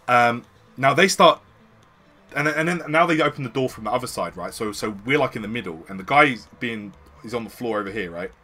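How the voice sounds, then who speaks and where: Bright-voiced British man telling a story. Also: medium pitch. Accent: British English. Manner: slangy, swearing, animated retelling. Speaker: streamer. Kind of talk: casual storytelling.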